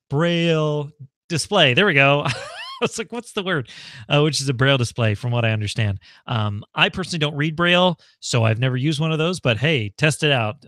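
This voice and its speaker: An American man hosting a relaxed live stream from his house, chatting his way through viewer questions. His voice is bright and forward, recorded close and dry with no room sound. He talks loosely, thinks aloud and fills pauses with ums and easy laughter. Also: medium pitch, no room sound. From United States. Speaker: livestream host. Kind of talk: casual live Q&A. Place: home.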